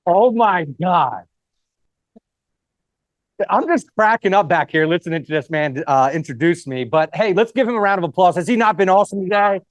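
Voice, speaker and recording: A man's voice: sits high, normal speed, no room sound. A man speaking at a live event, giving a casual motivational talk, joking with the crowd and swearing now and then.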